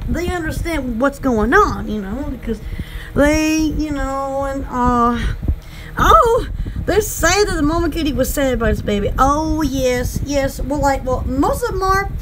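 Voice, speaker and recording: A woman's voice: sits high, animated, measured pace, background noise. A woman hosting a casual livestream chat, rambling and giggly with lots of fillers and folksy rural slang. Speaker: channel host and small shop owner.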